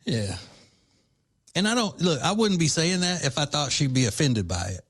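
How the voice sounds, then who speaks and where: A man's voice: a little high, sing-song, moderate pace, fairly bright tone, breathy edge. A man hosting a talk radio show from a studio, teasing and chuckling in a casual way.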